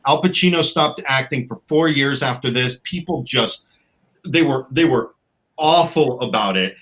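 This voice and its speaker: A man's voice: mid-range voice, a little slow, fairly bright tone, poor audio. A man co-hosting a podcast, chatting casually and wryly, with many restarts and fillers. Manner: wry, offhand humor. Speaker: podcast co-host. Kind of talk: casual chat.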